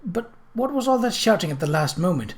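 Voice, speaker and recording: A woman's voice: on the low side, very animated, fairly quick, voice pushed up. A man doing a chatty, fretful young lady. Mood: wistful. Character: chatty young woman photographer, sweetly fretful.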